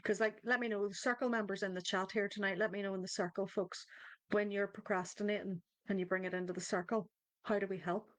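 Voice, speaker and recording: A woman runs a live online group coaching session, talking conversationally, restarting sentences, and responding to viewers in the chat. Her mid-range voice is steady and fast, with no room sound on the recording.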